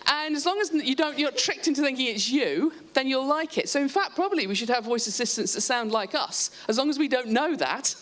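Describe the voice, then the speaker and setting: A woman with a fairly high voice talks on a stage panel in a lively, explanatory way. She often breaks off and restarts her sentences as she thinks aloud. Her delivery is quick and engaged, like someone used to explaining ideas to an audience. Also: a little hiss or hum. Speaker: panel speaker on voice. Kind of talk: live panel talk. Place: stage at a live event.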